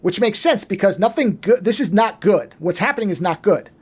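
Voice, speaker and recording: A man on a podcast casually retelling a movie plot, animated and swearing freely. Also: high-pitched, brisk, breathy edge. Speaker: podcast co-host.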